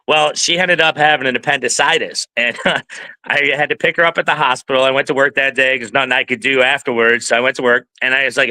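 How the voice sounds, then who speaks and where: A man's voice: mid-range voice, steady tone, quick pace, pushed and bright, no room sound. A middle-aged man co-hosting a casual podcast chat, telling stories, acting out quotes and laughing often. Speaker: podcast co-host. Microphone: streaming setup.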